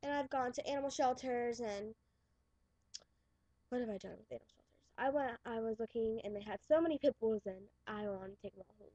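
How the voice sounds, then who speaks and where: Talking into a webcam mic, a New York teen girl rambles chattily, often starting over or letting sentences trail off. She speaks a little fast in a voice on the high side with a dark tone. The recording is dry, dull, and lo-fi.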